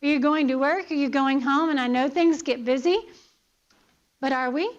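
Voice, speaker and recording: A woman's voice: sits high, steady tone, normal speed, muffled recording. A woman teaching a Bible lesson in church, earnest, asking her listeners pointed questions and often checking in with "okay?".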